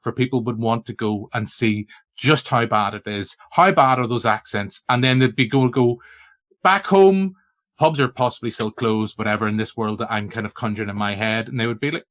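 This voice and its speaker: A Northern Irish man hosting a film podcast, chatting casually and bantering playfully with his guests. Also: medium pitch. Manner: animated, playful, stubborn banter. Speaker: podcast host. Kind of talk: casual chat.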